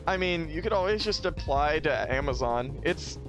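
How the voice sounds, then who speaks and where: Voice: mid-range voice, expressive, moderate pace. A streamer chatting casually while playing, joking and trailing off with sighs as they talk. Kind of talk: casual gameplay chat, reading dialogue aloud. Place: home streaming setup. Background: game music.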